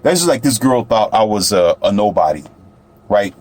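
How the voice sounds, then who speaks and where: A man's voice: lowish voice, lively intonation, moderate pace, a little mellow. A man telling a story to the camera in a casual, boastful monologue, often turning to the viewer. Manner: boastful, chatty, addresses viewer directly. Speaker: vlogger.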